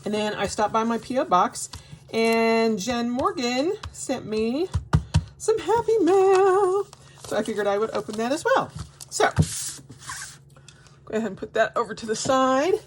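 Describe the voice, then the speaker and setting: A woman vlogger unboxing mail in a casual chat, gushing and excitable with frequent gasps and exclamations. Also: on the high side, measured pace, long pauses, slight background noise. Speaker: crafting vlogger.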